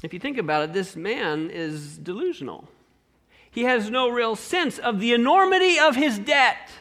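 A man preaching a sermon in an animated way, swinging between loud emphasis and hushed asides. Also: very high voice, normal speed. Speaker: pastor.

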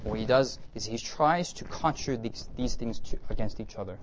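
A man giving a conversational sermon lecture with slides, lively and often checking in with his listeners. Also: medium pitch, moderate pace, slight background noise. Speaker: preacher teaching a class.

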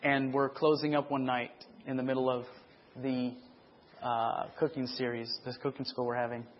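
A middle-aged man preaching his testimony in a sermon, asking for amens and getting loud and excited as he retells stories. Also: medium pitch, moderate pace, highs cut off, a little hiss or hum.

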